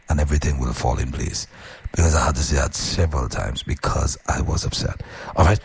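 A male radio host telling a story on air in an animated, earnest way and giving heartfelt, preacher-like advice to his listeners. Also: a bass voice, brisk, gravelly, a little hiss or hum.

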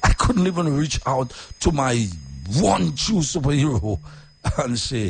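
Deep-voiced man, very husky, lively. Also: unhurried. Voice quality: deep voice when calm. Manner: repetitive, emphatic, swings from quiet and low to high and animated. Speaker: radio host. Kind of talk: casual personal talk.

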